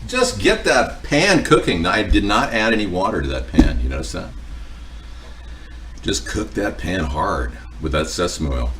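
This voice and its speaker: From his home kitchen, a man with a deep, very animated voice hosts a cooking livestream, answering viewer comments at a measured pace. He chats casually and jokes around with viewers in a rambling way. The mic sits at a distance and picks up background noise.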